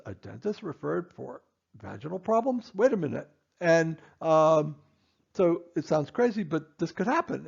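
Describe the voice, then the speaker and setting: A male dentist delivers a training lecture, hammering his points home through insistent repetition. His voice sits a little high and carries a gravelly edge. The recording sounds muffled and lo-fi. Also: a little mellow. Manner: emphatic, repetitive, stern. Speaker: dentist instructing assistants.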